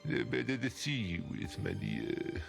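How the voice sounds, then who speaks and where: An actor playing a big bad wolf who mocks a sweet old grandmother in a slow, theatrical way, in a video game. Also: medium pitch, huge pitch swings, gravelly, heavily acted. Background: game music.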